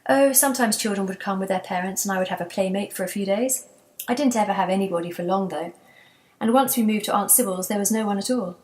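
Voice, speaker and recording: A woman voicing a wistful elderly grandmother in a children's storybook, soft and reminiscing. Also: mid-range voice, fast, close to an everyday voice.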